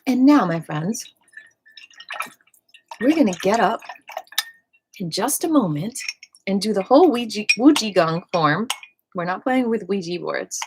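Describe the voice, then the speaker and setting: A woman leading a casual qi gong class in a playful, joking way, with soft whispered cues for breathing. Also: medium pitch, animated, unhurried, long pauses, background noise. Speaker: qi gong instructor.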